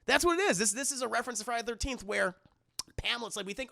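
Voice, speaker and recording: A man streaming a profane, animated scene-by-scene film recap to his live chat, acting out the scenes as he goes. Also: high voice, fast talker, creaky. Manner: animated, swearing, acts out scenes.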